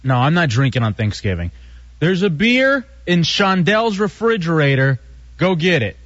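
A man's voice: a little high, sing-song, moderate pace, fairly bright tone, no echo. A man hosting a rowdy radio talk show, joking and teasing his co-host and staff. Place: radio studio. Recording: dull lo-fi radio broadcast.

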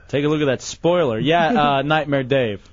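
A man's voice: medium pitch, dry recording. A male radio host in casual banter, often laughing and teasing, with a dull lo-fi sound.

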